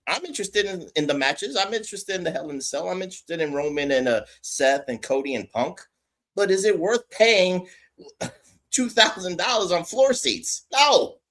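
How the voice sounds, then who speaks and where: A man's voice: high-pitched, lively intonation, moderate pace, a bit bright. A man co-hosting a casual wrestling podcast, ranting with laughter and swearing, then jokingly apologizing. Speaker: podcast co-host. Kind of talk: casual chat.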